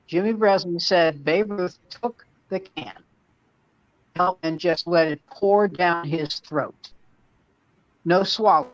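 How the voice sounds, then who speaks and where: A high-pitched man speaks slowly in a dry recording with a dull lo-fi sound. He's a comedian and podcast co-host spinning rambling anecdotes in casual chat.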